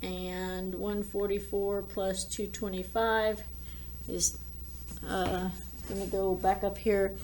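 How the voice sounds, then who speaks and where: A woman's voice: mid-range voice, fairly even intonation, takes it slowly, a little mellow, a little hiss or hum. A woman teacher walking through math problems in a recorded lesson, thinking aloud as she draws and works them out. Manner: talks while drawing and working problems aloud.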